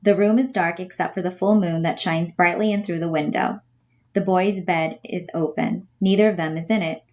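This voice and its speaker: A woman teacher reading a play's stage directions aloud for her class, plain and steady. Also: lowish voice, normal speed, lo-fi sound.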